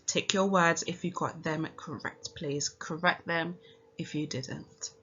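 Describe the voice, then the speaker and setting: A woman with a British accent teaching a recorded phonics lesson for young children, speaking slowly and clearly and sounding out each letter encouragingly. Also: deep voice, fairly even intonation, pushed and bright. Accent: British English. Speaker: primary school teacher. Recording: dull lo-fi home recording.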